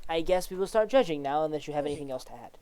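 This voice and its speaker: A guarded, weary female judge in a tabletop game, voiced by the game master. She speaks frankly and cautiously, in a smooth, clear voice. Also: mid-range voice, expressive, racing, dark tone, lightly acted. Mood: wary. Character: wary female judge and spellcaster.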